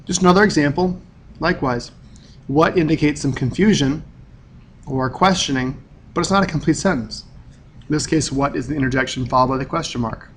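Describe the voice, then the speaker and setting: A man's voice: fairly high pitch, brisk, a little hiss or hum. A male teacher giving a recorded grammar lesson, explaining in a plain, methodical way.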